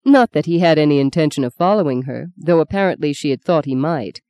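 A woman narrating a novel in a measured, even storytelling manner. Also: sits low, no room sound. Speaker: audiobook narrator. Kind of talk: scripted narration.

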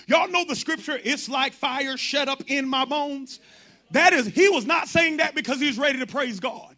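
A man's voice: very high-pitched, moderate pace, bright, forceful tone. A man preaching a sermon to his congregation, impassioned and colloquial, driving his points home through repetition.

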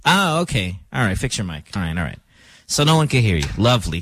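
A man hosting a morning radio show in a studio, talking casually in an animated, joking, playfully dramatic way. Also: mid-range voice, a little fast. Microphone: studio microphone.

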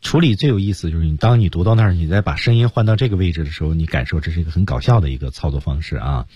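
A man's voice: low-pitched, rapid-fire, dark tone, breathy edge, no room sound, lo-fi sound. A man teaching English on the radio, explaining pronunciation in an encouraging way. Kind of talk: radio lesson, coaching pronunciation. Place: radio studio.

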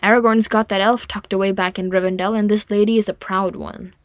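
A woman's voice: medium pitch, little pitch movement, brisk, no echo, studio quality, close to an everyday voice. A woman voicing a sly, wry male dwarf who mutters his asides.

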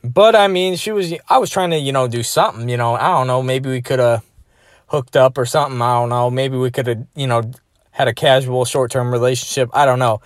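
A man's voice: medium pitch, brisk, dry recording. Rambling, profane man, dry close sound. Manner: rambling, crude and profane, heavy filler phrases. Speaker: vlogger. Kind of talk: rambling personal monologue.

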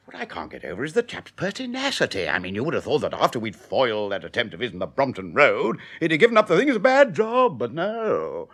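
An actor playing a pompous, suspicious elderly magistrate who sputters and blusters in a radio play. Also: male voice, medium pitch, wildly swooping pitch, fast, hardly any pauses, a bit bright, husky, exaggerated voice. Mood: blustering.

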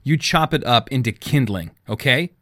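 A man voicing a fatherly small-town police chief and pastor, speaking gently and with feeling. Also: mid-range voice, animated, moderate pace, no room sound, clean studio sound. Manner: gentle, emotional.

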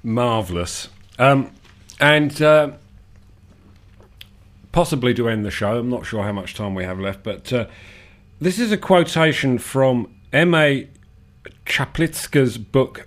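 Unwell man reading deadpan on radio. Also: medium pitch. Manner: dry, measured reading of absurd lists. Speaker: radio show host.

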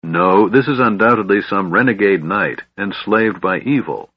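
A man's voice: fairly low pitch, moderate pace, slightly rough. A man doing a stern, harsh young knight. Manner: harsh, scoffing. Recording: dull, dry lo-fi recording.

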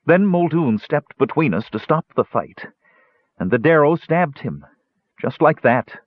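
An anguished young dwarf, as a male reader puts him on, speaks in a raised, strained register. The husky voice comes through a dull, dry recording. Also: on the high side, big pitch swings, a little slow, dry recording, pitched above the performer's own voice.

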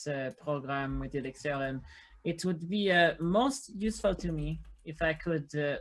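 A man's voice: on the high side, fairly bright tone. Formal, hesitant male tabletop player. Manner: formal, measured questioning, many "uh"s. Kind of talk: in-character role-play, tabletop game.

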